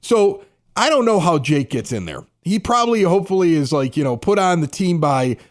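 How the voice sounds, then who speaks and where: A man's voice: a little high, very animated, brisk. A man co-hosting a sports podcast, chatting casually and laughing often. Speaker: podcast co-host.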